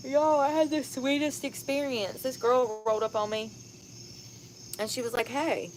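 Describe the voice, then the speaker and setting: A woman's voice: sits high, flat delivery, moderate pace, noisy background. A tired, sunburnt woman vlogging outdoors at night, telling stories bluntly and candidly and laughing often. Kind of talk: casual outdoor storytelling vlog.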